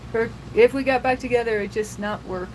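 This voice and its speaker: A woman's voice: fairly high pitch, a little mellow, slight background noise, rough recording. A young woman hosting a casual livestream, chatting loosely with viewers and laughing often. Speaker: livestream host.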